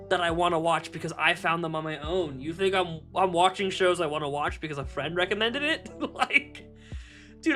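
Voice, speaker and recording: A young male streamer talks casually to his chat in a bright, forceful voice, animated and quick to laugh and swear. Faint music plays underneath. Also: fairly high pitch.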